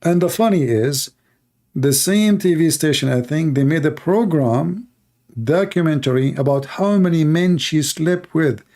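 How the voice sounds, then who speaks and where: Middle eastern accented guy ranting on a stream, raspy low-toned voice, blunt and mocking. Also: measured pace, mellow. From Middle East. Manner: blunt, mocking, broken English. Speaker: host. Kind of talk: livestream commentary.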